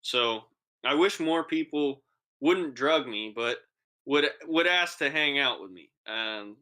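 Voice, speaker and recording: A man's voice: mid-range voice, takes it slowly. A young man co-hosting a podcast, telling a long, profane story in casual chat and acting out the voices of the people in it. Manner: animated, profane, acts out quoted voices. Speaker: podcast co-host.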